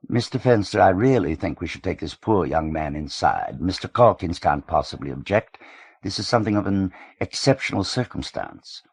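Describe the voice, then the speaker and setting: A man reading the part of a polite, fussy gray-haired gentleman with a faintly British-tinged manner, in an audiobook. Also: low voice, lively intonation, moderate pace, creaky, husky, dry recording, heavily acted. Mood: concerned. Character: genteel gray-haired older gentleman, solicitous.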